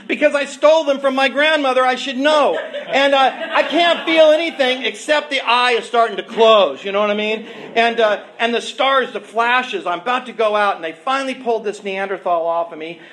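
A man's voice: very high-pitched, pushed and bright. A man telling a rambling, self-mocking story on stage, often laughing as he goes. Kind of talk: stand-up storytelling. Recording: live show with audience laughter. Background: crowd laughing.

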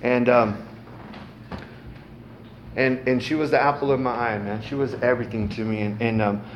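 A man's voice: mid-range voice, flat delivery, normal speed, lo-fi sound, a little hiss or hum. A middle-aged man giving a casual, salty personal testimony at a recovery meeting, peppered with "man" and "um". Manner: casual, frequent "man" and "um", cusses freely.

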